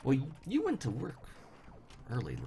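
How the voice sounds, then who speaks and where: A man's voice: medium pitch, wildly swooping pitch, moderate pace, dark tone, slight background noise. A tired young man chatting wryly with viewers while streaming a game. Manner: chatty, wry, talks to chat viewers. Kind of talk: casual live-stream commentary while playing. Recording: faint background game music.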